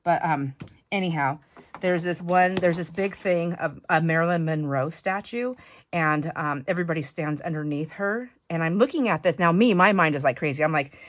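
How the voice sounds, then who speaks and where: A woman chatting casually while she crafts, telling stories with lots of fillers and animated retellings. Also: deep voice, normal speed. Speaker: craft vlogger.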